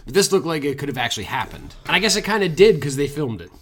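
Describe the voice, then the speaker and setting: A man's voice: fairly high pitch, big pitch swings, fast talker, fairly bright tone. A man co-hosting a casual film review podcast, making wry jokes. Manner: wry, jokey, references wrestling. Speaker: podcast co-host.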